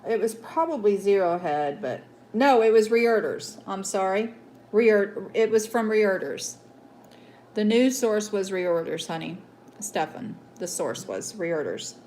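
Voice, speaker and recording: A woman's voice: medium pitch, expressive, unhurried, a little mellow, slight background noise. A woman with a Southern accent who hosts a casual news show, reading articles aloud and rambling, with many fillers and restarts. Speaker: host.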